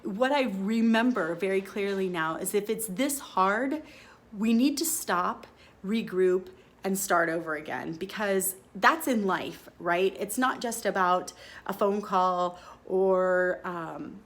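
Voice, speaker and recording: A woman hosting a podcast, telling a story in a chatty, expressive way and acting out her own quoted lines. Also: mid-range voice, slow. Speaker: podcast host. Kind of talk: casual storytelling monologue.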